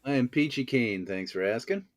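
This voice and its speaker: A man's voice: mid-range voice, animated, moderate pace, dry recording. A man, raised in the American South, telling stories as an actor guest in a casual interview, wordy and self-mocking.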